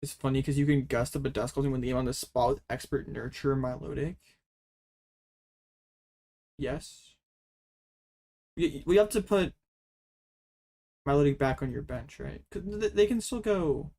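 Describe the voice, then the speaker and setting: A young man talking through an online card game in casual commentary. His voice sits at an ordinary middle pitch, and he talks in an excitable way, quick to break into dramatic complaints.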